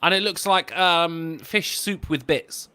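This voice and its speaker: A man's voice: fairly high pitch, slow pace, bright, forceful tone, clear, resonant tone. A man co-hosting a casual stream chat, swearing freely and cracking sardonic jokes. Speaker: stream co-host.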